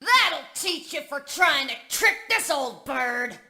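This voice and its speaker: Grumpy old southern hen. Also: female voice, sits high, expressive, takes it slowly, sharp tone, exaggerated voice. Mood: gloating. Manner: grumpy, folksy.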